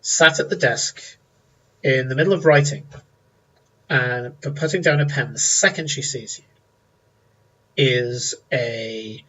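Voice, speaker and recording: A man's voice: mid-range voice, fairly bright tone, husky, highs cut off. A man, narrating as game master, descriptive with many fillers.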